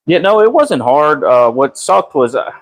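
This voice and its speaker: Relaxed man chatting in his garage. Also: a little high, measured pace, poor audio. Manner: relaxed, drawling, swears freely, answers chat by name. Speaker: car builder live-streaming a transmission repair. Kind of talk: casual live-stream chat with viewers. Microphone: phone camera.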